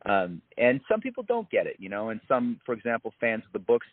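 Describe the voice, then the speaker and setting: Man, actor guest, casual interview, lively rise and fall, dry sound, tinny call audio. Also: mid-range voice, fairly quick, no room sound. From Canada. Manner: easygoing, lively, full of fillers and restarts.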